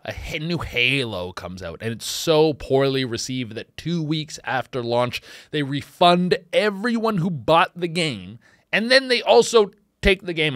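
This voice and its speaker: A man hosting a comedy podcast, rambling casually and swinging between loud outbursts and quiet mutters. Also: mid-range voice, no echo, clean studio sound. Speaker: podcast host.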